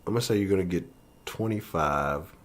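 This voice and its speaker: A man's voice: deep voice, brisk. A man hosting his sports channel in a casual live-stream chat from his home office, profane and loose.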